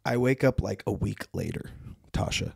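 A young adult man telling his story as a podcast guest, animated, acting out other people's lines and laughing often. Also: lowish voice, normal speed, gravelly, husky, no echo, clean studio sound. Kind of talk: casual storytelling.

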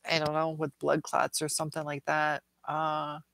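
A woman's voice: low-pitched, completely flat delivery, normal speed, gravelly, a bit bright, poor audio. A middle-aged woman hosting a casual viewer Q&A livestream, earnest and rambling, reading comments aloud.

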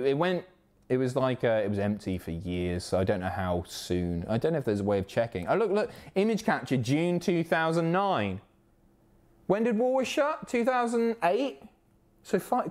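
A man from the Isle of Wight, chatting casually and excitably on a live stream, swearing often. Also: mid-range voice. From Isle of Wight, England. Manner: excitable, sweary, reads chat aloud.

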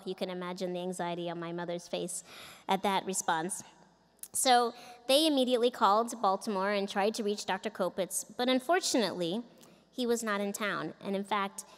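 A middle-aged woman giving a commencement speech, telling a personal story earnestly from a podium microphone in a large indoor arena. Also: mid-range voice. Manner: earnest, storytelling with quoted voices. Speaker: commencement speaker. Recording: echoey arena from a distance.

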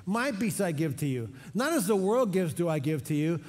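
A middle-aged man preaching a sermon for an online church service, energetic and leading call-and-response. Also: high-pitched, normal speed. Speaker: pastor. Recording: long hall reverb.

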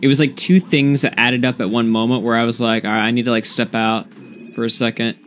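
A man's voice: mid-range voice, level tone, a little fast, fairly bright tone, a little hiss or hum. A young man casually telling a story to his stream chat, rambling and swearing, with lots of "like". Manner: rambling, profane, heavy use of "like".

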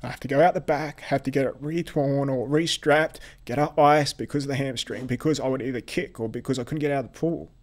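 A man speaks as a podcast guest, recounting his own story. His voice sits at an ordinary middle pitch, and he talks haltingly, often circling back and repeating words as he goes. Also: steady tone. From Australia. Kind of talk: telling a personal story in an interview.

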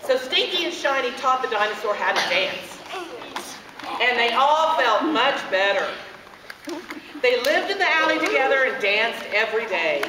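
A woman telling a made-up children's story in an expressive, sing-song way. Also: on the high side, normal speed. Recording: echoey room, distant camera mic, background noise.

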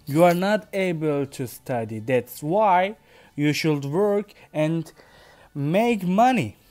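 A man's voice: fairly high pitch, animated, slow pace, a little mellow, soft background music. A man reading as a stern storybook father with a Turkish accent. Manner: firm, lecturing. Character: stern father scolding his young son.

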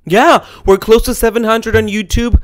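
Campy, emphatic man, bright clear voice. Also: high voice, fairly even intonation, normal speed. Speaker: podcast co-host. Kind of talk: casual chat.

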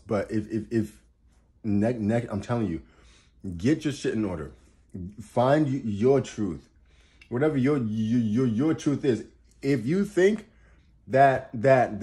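This man's voice sits on the low side and sounds mellow. Giving astrology advice as a loose pep talk, he hammers his points with repeated words, restarts and curses, laughing while he works himself up.

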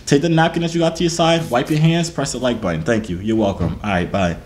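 A man's voice: mid-range voice, fairly even intonation, fast talker. A man in his twenties hosting a casual vlog, hyped and joking, full of street slang. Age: 20s. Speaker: video host.

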